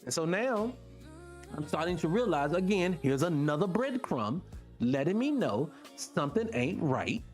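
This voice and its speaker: A man's voice: a little high, measured pace, faint music behind. A man hosting his own video, talking casually to his viewers, calling them y'all and firing off rhetorical questions. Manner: animated, keeps asking rhetorical questions; talks directly to the audience as y'all. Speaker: vlog host.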